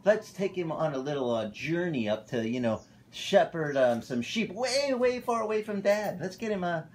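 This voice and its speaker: A man's voice: high voice, sing-song, moderate pace, darkish tone, a little hiss or hum, pitched above the performer's own voice. A man acting out jealous older brothers as they plot to lead their young brother away. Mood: scheming. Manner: conspiratorial, plotting.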